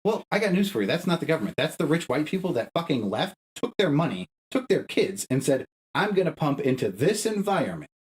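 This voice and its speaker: A man's voice: sing-song, fast, hardly any pauses, low-quality recording. A young adult man co-hosting a podcast, arguing a point with heavy swearing, his voice climbing when he gets heated. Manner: profane, emphatic, arguing with rising pitch. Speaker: podcast co-host. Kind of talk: heated casual podcast rant.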